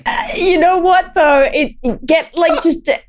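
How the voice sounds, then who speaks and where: A woman's voice: very high voice, unhurried, background noise. A woman with an Australian accent co-hosting a casual podcast, giggly and playful. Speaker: podcast co-host. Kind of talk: casual chat.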